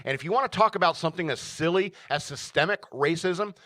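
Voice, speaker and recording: A man hosts his own radio show and delivers opinionated commentary on his own. His voice is bright and forceful. The sound is dry and close, and he keeps pressing his points home with repeated "all right?". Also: on the high side, quick pace, dry recording. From United States.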